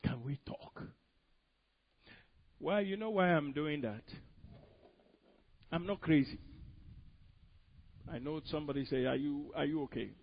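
A man preaching a sermon, moving between hushed pleading and loud, emphatic bursts. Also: on the high side, moderate pace, gravelly, pauses often, highs cut off.

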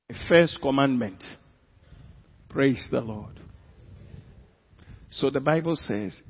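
A man with a Ghanaian accent, a pastor preaching a sermon who swings from quiet asides to loud, drawn-out emphasis. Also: fairly high pitch, husky. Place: church hall. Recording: echoey hall, dull lo-fi sound.

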